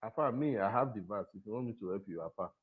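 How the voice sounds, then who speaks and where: A male caller on a live stream, speaking in halting, repetitive phrases over a call line. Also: lowish voice, lively intonation, phone-quality sound.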